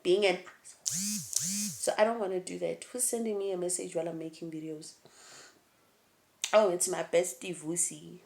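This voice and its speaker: A young woman speaks to her camera in a vlog. Her voice sits a little low, and she moves between laughter and heavy, emotional moments as she talks openly. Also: steady tone, fairly quick, vocal fry, darkish tone, a little hiss or hum. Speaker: YouTube vlogger. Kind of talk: casual chat to camera.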